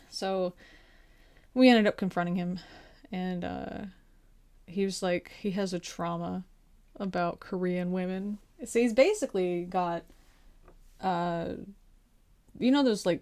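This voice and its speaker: Chatty woman telling a story. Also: on the low side. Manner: chatty, animated retelling with quoted voices. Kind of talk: casual anecdote.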